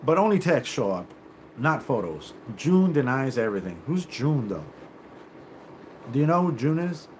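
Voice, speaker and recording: Lively, profane man ranting on stream. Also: mid-range voice, normal speed, slight background noise. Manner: profane, confrontational; rambling, with many fillers and restarts. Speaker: livestream host. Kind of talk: live rant on a stream.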